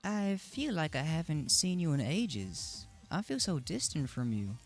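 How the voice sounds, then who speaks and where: Brief: anxious young Southern belle woman, put on by a male streamer, high and pleading. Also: big pitch swings, unhurried, faint music behind, exaggerated voice.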